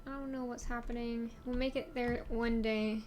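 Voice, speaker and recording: A woman's voice: a little high, level tone, normal speed, a little mellow, faint music behind. A woman streamer chatting casually with wry asides and laughs while she plays a video game. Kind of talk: casual live-stream commentary while gaming.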